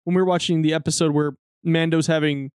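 A man's voice: fairly high pitch, flat delivery, fast, a little mellow, clean tone, no echo, clean studio sound. A man co-hosting a podcast, telling stories in a casual, profane, laughing way. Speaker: podcast co-host. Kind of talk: casual chat.

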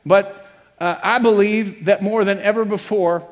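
A man with a high-sitting, steady voice preaches a sermon as pastor, speaking a little slowly in a church sanctuary. Earnest and repetitive, he repeats phrases and builds toward emphatic peaks, with the long reverb of a church hall on the recording.

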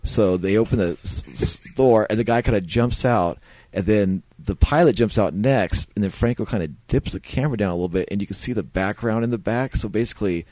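A man's voice: fairly low pitch, a little fast, darkish tone, dry recording. A man hosting a casual film-review podcast, talking in a laid-back, rambling way with lots of fillers. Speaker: podcast host.

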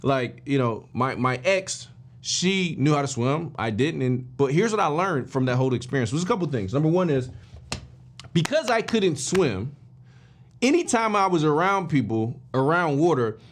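Lively, emphatic male podcast host. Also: fairly high pitch, normal speed. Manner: animated, addresses listeners directly and informally; emphatic with frequent restarts and fillers. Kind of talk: motivational storytelling talk.

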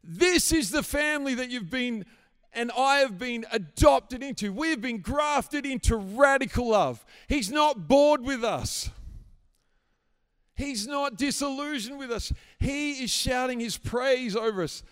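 A man preaching a sermon in a church hall, swinging from hushed prayer to emphatic shouting. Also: very high voice, expressive, a little slow, clear, resonant tone. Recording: echoey hall reverb.

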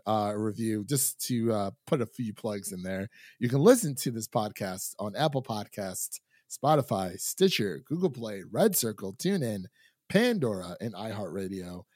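A man's voice: fairly low pitch, darkish tone, no room sound, clean studio sound. A young man from Ohio hosts a casual podcast, chatty and laughing often, with frequent fillers. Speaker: podcast host.

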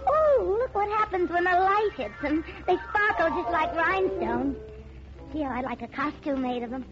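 A flirty gangster's moll. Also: female voice, very high-pitched, lively intonation, normal speed. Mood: wheedling. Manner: coaxing, breathy-sweet, slangy. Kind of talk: 1940s radio acting. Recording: muffled old radio broadcast. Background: phonograph music.

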